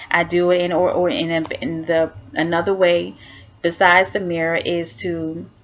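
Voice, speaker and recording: Woman vlogging self-help advice, low-ish voice, earnest and encouraging, kinda muffled lo-fi sound. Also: level tone, normal speed. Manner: earnest and encouraging, repeats key phrases. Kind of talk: heartfelt advice to camera. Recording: dull lo-fi recording.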